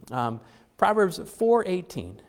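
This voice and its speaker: Middle-aged man, pastor, lively chatty sermon, joking asides, long hall reverb. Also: sits high, extremely slow. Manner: chatty, joking asides, many fillers and restarts. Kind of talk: conversational sermon.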